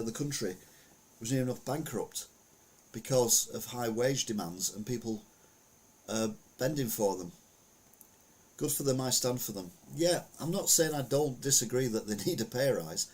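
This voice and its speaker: Husky man rambling through the news. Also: mid-range voice, normal speed, a little mellow. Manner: rambling, frequent fillers and restarts. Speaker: podcast host. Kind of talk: casual opinion commentary.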